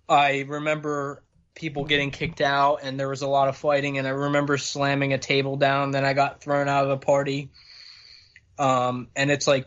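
A man's voice: mid-range voice, fairly bright tone, lo-fi sound. A man telling a personal testimony as a guest, rambling and hesitant, over a video call. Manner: rambling, hesitant, with fillers and restarts. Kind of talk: personal testimony, casual storytelling.

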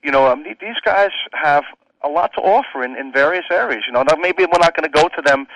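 A man's voice: fairly high pitch, animated, brisk, fairly bright tone, no room sound, muffled recording. A man, a pastor appearing as a guest on a radio talk show, speaking earnestly and casually, with frequent fillers and restarts. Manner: earnest, many "you know" fillers and restarts.

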